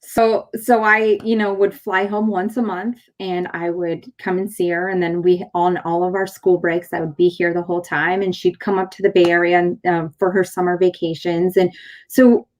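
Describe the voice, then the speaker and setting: With a fairly low, flat-sounding voice that barely moves in pitch, this woman speaks at a moderate pace. She's a chiropractor and show host in her thirties from San Diego, telling a personal story in a lively, casual way, voicing the dialogue and using many fillers and restarts.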